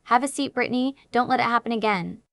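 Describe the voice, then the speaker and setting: A woman voicing a stern young male vampire teacher with a British accent, giving curt orders in a low, slightly husky tone. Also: brisk, a bit bright, no room sound, lightly acted. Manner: curt commands.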